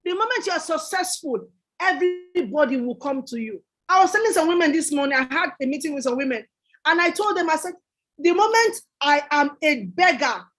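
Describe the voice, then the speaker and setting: High-voiced woman, emphatic. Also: fairly bright tone. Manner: emphatic and repetitive, preacherly. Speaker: guest entrepreneur. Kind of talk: motivational talk.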